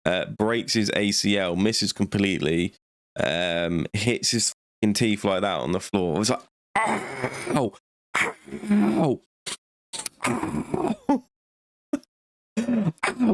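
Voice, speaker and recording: A man's voice: deep voice, vocal fry, no echo. A man casually reviewing a movie, rambling and joking, laughing often and swearing.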